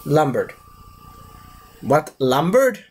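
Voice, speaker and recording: A young man giving a casual, animated movie review rant who keeps slipping into silly high voices for the characters. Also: drawn-out words, slight background noise.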